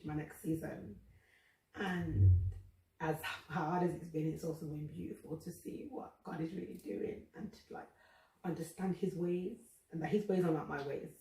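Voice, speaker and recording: A woman's voice: fairly low pitch, darkish tone. A woman hosting a faith podcast, talking candidly and emotionally about her personal struggles. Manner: earnest, emotional, confessional. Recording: roomy echo, distant from the mic.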